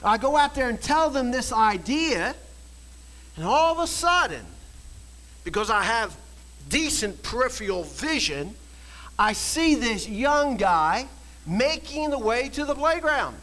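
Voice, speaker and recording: A man preaching a sermon, telling a story and swinging from quiet storytelling to shouted exhortation. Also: very high-pitched, sing-song, measured pace, poor audio. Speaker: pastor.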